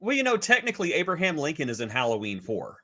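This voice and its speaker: A man hosting a casual film review chat, easygoing and filling pauses with "uh" and "you know". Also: on the high side, huge pitch swings, bright, forceful tone. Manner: easygoing, drawn-out with fillers. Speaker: podcast host.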